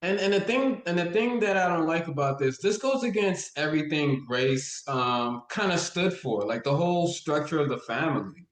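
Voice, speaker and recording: Relaxed guest in a roomy space. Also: medium pitch, moderate pace, few pauses. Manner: relaxed, hesitant, trails off with fillers. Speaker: podcast guest host. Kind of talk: casual chat.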